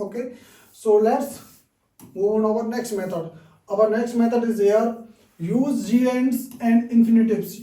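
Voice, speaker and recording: A man teaching a lesson, repeating each example sentence slowly and often checking in with "okay?". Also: extremely high pitch, mellow. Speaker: English teacher. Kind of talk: online language lesson. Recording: roomy, distant from the mic.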